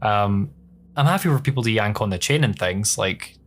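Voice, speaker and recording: A young Scottish man, the show's regular host, now answering questions in a candid, casual chat, laughing often and filling pauses with "um". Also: lowish voice, expressive. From Scotland. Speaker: podcast host being interviewed.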